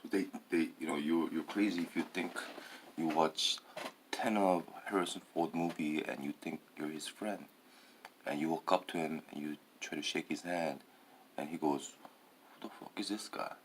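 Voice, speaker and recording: A man's voice: a bass voice, steady tone, moderate pace, slight background noise. A man talking in a rambling, hesitant monologue, full of fillers and tag questions.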